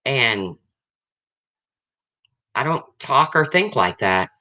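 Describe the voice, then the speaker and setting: A livestream host in his or her fifties talks bluntly and casually while answering viewers in the chat. The mid-range voice is very animated and sharp-toned but extremely slow, and the speaker is frank and repeats points.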